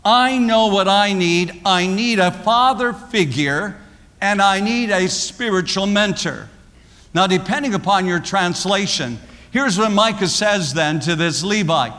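A man's voice: high voice, animated, measured pace, bright, forceful tone, long reverb tail. A man preaching a sermon, building his points through emphatic, repeated phrases. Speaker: pastor.

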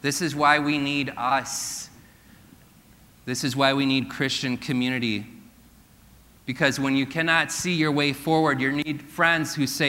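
An earnest male preacher with a bright, forceful voice. He drops to a slow hush for his key points. His sermon rings out with a long reverb from the church hall. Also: mid-range voice, little pitch movement. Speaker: pastor.

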